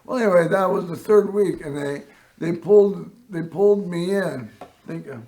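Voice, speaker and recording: A man hosting a local TV show, telling a personal story in a rambling way and often clearing his throat. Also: sits high, normal speed, darkish tone. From Northern California. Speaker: host.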